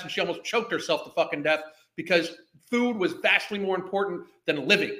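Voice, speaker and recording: A man's voice: high voice, animated, fairly quick, sharp tone. A man hosting a reaction show, ranting at a clip with angry mockery and constant swearing. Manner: angry, mocking, heavy swearing. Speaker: commentary host. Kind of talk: profane ranting commentary. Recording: echoey room.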